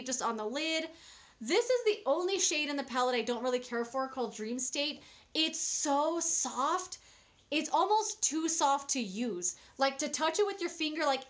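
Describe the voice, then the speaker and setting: A young woman with a high, light voice chats through a casual product review. She sounds enthusiastic and a little rambling, often restarting her sentences and adding fillers. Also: a bit bright. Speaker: beauty vlogger.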